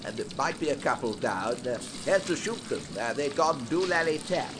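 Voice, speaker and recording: A man's voice: on the high side, animated, moderate pace, background noise, voice pushed down, lightly acted. A man doing a bumbling cavalry officer. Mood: sheepish. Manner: sheepish, bumbling. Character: dotty, trigger-happy young British soldier.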